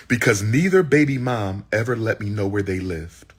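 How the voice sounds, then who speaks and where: A man's voice: on the low side, normal speed, hardly any pauses, husky. A man telling an audience his personal story in a heated, exclaiming way, repeating phrases for emphasis. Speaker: public speaker.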